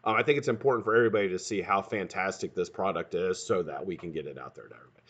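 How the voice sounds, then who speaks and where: A man hosts his own live stream, talking quickly and cussing freely as he greets viewers by name. His pitch bounces all over, and the sound is dull and lo-fi. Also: sing-song, fairly bright tone. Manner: fast-talking, profane, greets chat by name. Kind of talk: casual live-stream chat.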